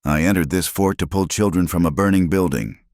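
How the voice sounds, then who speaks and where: A man plays a proud warrior, calm and measured even under accusation. The voice is low and dry in a storybook western. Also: dry recording, natural voice.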